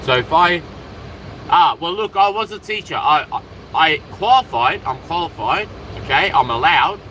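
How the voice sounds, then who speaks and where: An excitable Australian man rambles to camera outdoors, his voice swinging up and down as he jumps from topic to topic. Steady street noise and passing cars sit behind him. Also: a little high. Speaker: vlogger.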